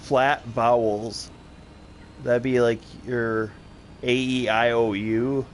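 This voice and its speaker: A man with a Wisconsin accent talking loosely while playing a game, stringing thoughts together with plenty of fillers. His voice sits at an ordinary middle pitch. A faint hum of room noise sits behind him. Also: little pitch movement, slow. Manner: rambling, filler-heavy, chatty. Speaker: co-host of a gaming stream. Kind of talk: casual chat while playing.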